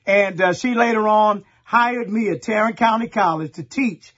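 A middle-aged pastor from Texas, preaching a sermon in a folksy storytelling way and talking straight to the congregation. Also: male voice, high-pitched, normal speed, a bit bright, muffled recording.

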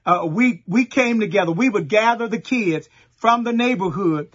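Husky high-voiced preacher. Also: male voice, moderate pace, fairly bright tone, highs cut off. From Texas. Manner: folksy call-and-response preaching, storytelling with asides to the congregation. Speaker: pastor. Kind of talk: sermon.

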